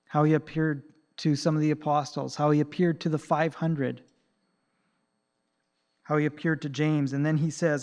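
A man preaching a sermon in a fairly high voice. He swings between loud, pressing emphasis and soft, hushed passages, retelling the story with pauses and restarts. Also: level tone.

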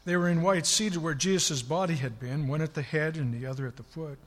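A male preacher with a fairly high, husky voice retells scripture with dramatic emphasis. His sermon rings out with a long reverb, as in a large hall. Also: fairly quick.

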